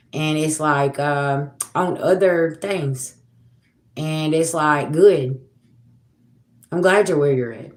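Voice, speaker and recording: A psychic livestreamer in her forties talks casually to her viewers, speaking to them directly. She's blunt and emphatic and swears freely, in a low, slightly mellow voice.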